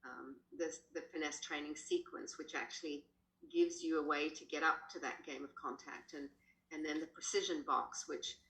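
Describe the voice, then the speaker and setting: A woman with an Australian accent, a horse trainer, telling stories animatedly as a podcast guest. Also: normal speed. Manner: animated, jumps up in pitch when quoting. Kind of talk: casual storytelling in a podcast. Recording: roomy echo.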